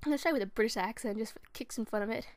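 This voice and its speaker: A chatty young woman talks casually from her bed as she records a voice audition, teasing herself between takes. Her voice sits high, and the bedroom sound is dry and close. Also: rapid-fire, dry recording. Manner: chatty, self-mocking. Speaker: amateur voice actor.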